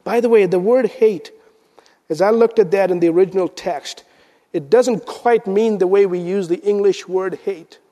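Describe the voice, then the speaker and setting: A man preaching a sermon as pastor, swinging between loud emphasis and hushed, intense lines. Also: high voice, normal speed. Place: church sanctuary. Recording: church sanctuary with long reverb.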